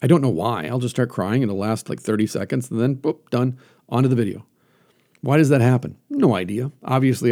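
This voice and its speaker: A man hosting a solo talk, coaching the listener earnestly and putting questions to himself out loud. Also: mid-range voice. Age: adult, teaches classes. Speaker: podcast host.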